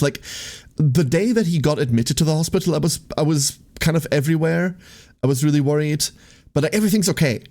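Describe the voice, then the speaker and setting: A man's voice: on the high side, expressive, a little fast, a little mellow. A young man livestreaming, venting casually to his viewers in a rambling way, with lots of "like" and swearing.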